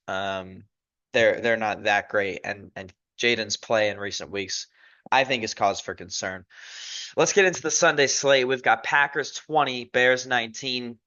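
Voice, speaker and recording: A man's voice: medium pitch, pushed and bright. A man hosting a casual sports recap podcast, talking in a rambling, self-correcting, opinionated way. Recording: dull lo-fi recording.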